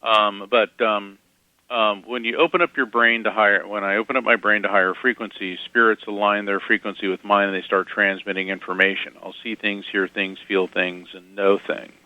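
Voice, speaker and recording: A man guesting on an interview, telling lively anecdotes with quick asides and chuckles. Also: lowish voice, no room sound, narrow, tinny audio. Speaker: guest psychic medium. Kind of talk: casual interview storytelling.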